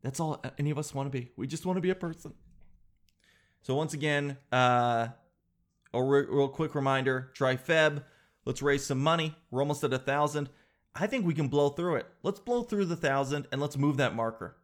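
A man's voice: on the high side, moderate pace. A man rambles through a casual monologue as the host of a daily show. He jokes and mocks himself as he goes. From Canada. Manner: jokey, rambling, self-mocking.

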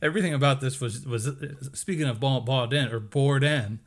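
A man's voice: medium pitch, brisk. Enthusiastic man in casual chat. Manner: enthusiastic, animated, laughs easily. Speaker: podcast co-host.

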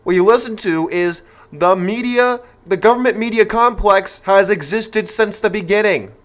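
A man's voice: sits high, moderate pace. A man hosting a podcast, delivering an opinionated monologue in an emphatic, rhetorical manner and speaking straight to his listeners. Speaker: podcast host.

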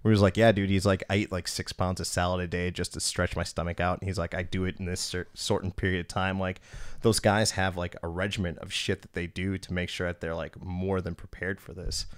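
A young man from Wisconsin hosting a podcast, telling rambling, animated anecdotes with voiced quotes and plenty of profanity. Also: deep voice, brisk, clear, resonant tone. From Milwaukee, Wisconsin. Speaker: podcast host. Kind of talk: casual storytelling chat.

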